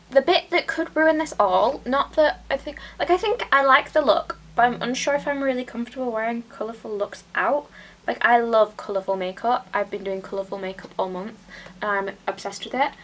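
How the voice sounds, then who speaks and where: A young British woman chatting casually while doing her makeup, often dropping into soft whispers. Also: fairly high pitch. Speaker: beauty vlogger. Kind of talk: casual get-ready-with-me chat.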